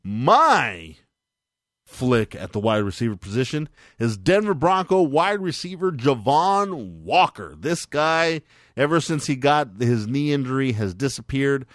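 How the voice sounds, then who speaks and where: A man's voice: medium pitch, very animated, measured pace, a bit bright, no room sound, studio quality. A man co-hosting a casual sports podcast, upbeat and leading each segment. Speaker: podcast co-host.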